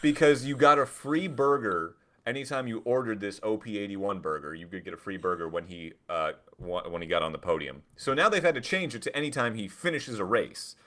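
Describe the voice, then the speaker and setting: A man co-hosting a casual podcast, chatting and reading things out loud with mock drama. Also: fairly low pitch, expressive, fairly quick, few pauses. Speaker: podcast co-host. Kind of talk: casual chat.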